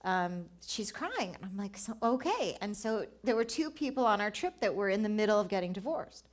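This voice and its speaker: A woman's voice: medium pitch, very animated, normal speed. A woman telling personal travel stories at a live event, acting out dialogue and laughing often. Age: 40s. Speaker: travel writer and speaker. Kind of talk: storytelling talk at a live event.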